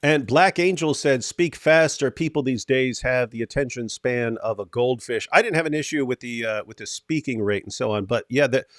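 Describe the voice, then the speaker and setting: A man's voice: medium pitch, moderate pace, few pauses, no echo, studio quality. A man hosting a casual livestream, reading viewer comments aloud and giving feedback on a video. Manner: thinks aloud, reads chat comments. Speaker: host.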